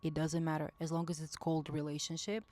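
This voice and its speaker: A woman's voice: low voice, level tone, fast talker, darkish tone. A woman giving intuitive spiritual advice in a casual monologue, speaking earnestly, often searching for words and rephrasing herself. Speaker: intuitive message reader.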